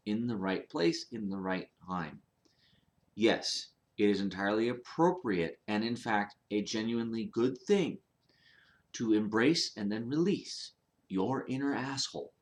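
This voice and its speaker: A man's voice: medium pitch, fairly bright tone. A man delivering a casual vlog monologue in a mid-range voice. He rambles and swears freely, often breaking off and restarting his sentences. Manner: rambling, profane, with frequent restarts. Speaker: vlogger.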